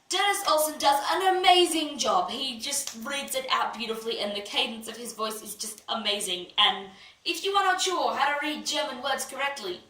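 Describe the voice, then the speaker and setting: Young female book vlogger, bright and eager, a touch high; recorded a bit off-mic in an echoey room. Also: expressive, fairly quick, distant mic. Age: young adult. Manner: gushing, enthusiastic, trails off into asides. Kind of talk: casual chat.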